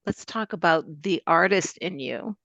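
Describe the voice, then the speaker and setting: A woman's voice: on the low side, animated, a little slow, a bit bright, dry recording. A woman from Boston hosting a podcast, chatting in an upbeat, conversational way with frequent fillers. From Boston, USA. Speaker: podcast host. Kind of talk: casual interview chat. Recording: dry, slightly dull lo-fi sound.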